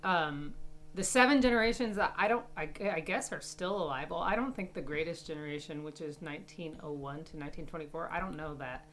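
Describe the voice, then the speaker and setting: A woman's voice: low-pitched, brisk, a bit bright, a little hiss or hum. A woman on a podcast explaining things methodically in casual chat, with frequent fillers.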